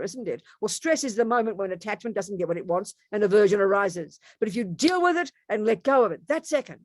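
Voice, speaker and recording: A Buddhist nun giving a dharma talk in a fairly high, animated voice that jumps up and down in pitch and loudness. She talks conversationally, repeating points and asking rhetorical questions. The sound is close and dry. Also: no echo. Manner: emphatic, animated, wide swings in pitch and loudness.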